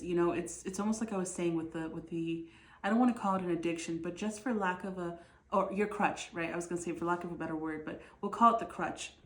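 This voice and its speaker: A woman giving a casual tarot reading to her viewers, speaking with many fillers and restarts, with a bit of a cough. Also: fairly low pitch. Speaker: tarot reader. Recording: echoey room.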